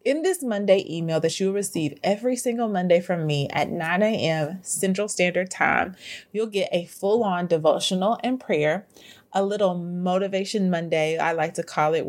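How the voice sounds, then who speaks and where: A woman's voice: fairly low pitch, a little mellow. A woman host reading a friendly sponsor spot for her own newsletter. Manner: upbeat, friendly, addresses listener as girl. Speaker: podcast host. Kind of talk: sponsor read.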